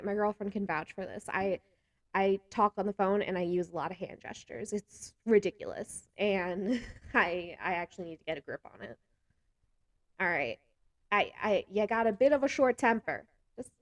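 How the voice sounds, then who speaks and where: A woman chatting casually to camera as a vlogger, animated, gesturing a lot and laughing often between remarks. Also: a little high, no room sound, clean studio sound. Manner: talks with hands a lot.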